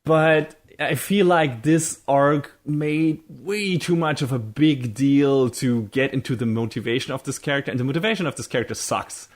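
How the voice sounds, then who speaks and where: A man's voice: medium pitch, moderate pace, hardly any pauses. A young man co-hosting a podcast, talking in a loose casual chat. He rambles through his thoughts with plenty of fillers and drops casual swear words along the way. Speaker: podcast co-host.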